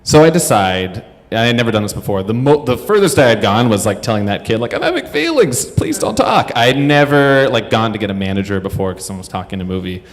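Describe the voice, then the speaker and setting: A man's voice: lowish voice, quick pace, few pauses. A man in his thirties telling a comedic story on stage to a live audience, self-deprecating and rambling, with many fillers. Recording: echoey hall.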